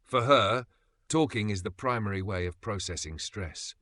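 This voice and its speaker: A man narrating a self-help audiobook in a steady, explanatory way. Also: on the low side, normal speed, no echo.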